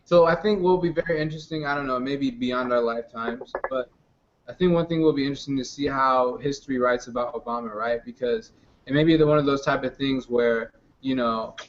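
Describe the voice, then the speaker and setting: A man co-hosting a casual podcast, speaking in a relaxed, laid-back way. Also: medium pitch, a little fast, a little hiss or hum. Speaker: podcast co-host. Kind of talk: casual chat. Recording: dull lo-fi podcast audio.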